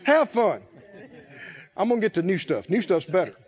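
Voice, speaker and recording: A man preaching a sermon in a folksy, animated way, chuckling and acting out little voices. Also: high-pitched, rapid-fire. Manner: animated, folksy, laughs often, acts out voices. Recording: dull lo-fi sound.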